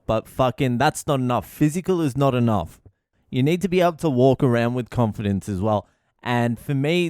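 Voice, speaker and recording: A man's voice: mid-range voice, a little mellow, smooth, no echo. A man with an Australian accent hosting a podcast, giving brash, profane comedic advice into a close mic. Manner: brash, sweary, rowdy.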